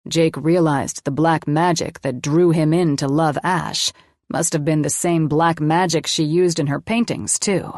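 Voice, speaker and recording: Low-voiced woman narrating an audiobook. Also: fairly even intonation, measured pace, darkish tone, no room sound, studio quality. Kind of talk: first-person audiobook narration.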